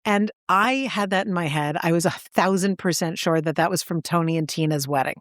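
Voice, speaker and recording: A woman co-hosting a podcast, chatting and telling stories with animated impressions. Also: lowish voice, a little fast, dry recording, studio quality. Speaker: podcast co-host. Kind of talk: casual chat.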